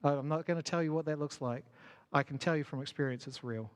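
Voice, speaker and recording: A man's voice: medium pitch, fast. A man giving a conversational talk to a church gathering as a church leader, asking the audience questions and poking fun at himself. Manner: conversational, self-deprecating, asks the audience questions. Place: church hall.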